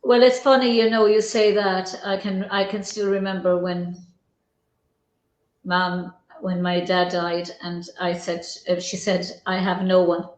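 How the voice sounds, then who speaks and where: A woman's voice: fairly low pitch, flat delivery, measured pace. A woman hosting an interview, speaking in a reflective, hesitant way with frequent restarts. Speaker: host. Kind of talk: interview conversation. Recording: roomy echo.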